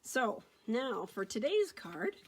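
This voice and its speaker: A woman's voice: a little high, big pitch swings, takes it slowly, slightly rough. Chatty middle-aged woman on a phone livestream. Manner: chatty, upbeat, greets viewers by name. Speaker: card-making demonstrator. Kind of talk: casual live-stream craft demo.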